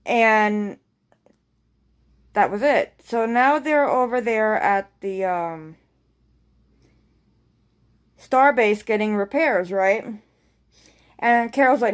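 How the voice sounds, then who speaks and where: A woman with a slightly high voice talks through a TV episode in a loose, casual recap. She rambles and swears freely, piling one scene onto the next with open excitement. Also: slow pace, long pauses. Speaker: TV episode reviewer.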